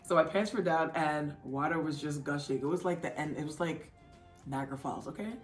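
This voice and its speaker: A woman vlogger casually telling her own story in a chatty, animated way. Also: brisk. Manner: chatty, animated, acts out others' lines in a high excited voice. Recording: echoey room with faint music.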